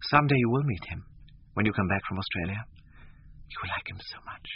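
Sybil, a husky lovestruck young actress, as a man puts her on. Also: on the low side, lively intonation, brisk, dull audio. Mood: rapturous. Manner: gushing, breathless rapture.

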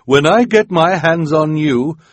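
A man's voice: medium pitch, big pitch swings, measured pace, breathy edge, no room sound, voice pushed up. A man voicing a haughty, sneering villainous woman with a mocking, nasty tone.

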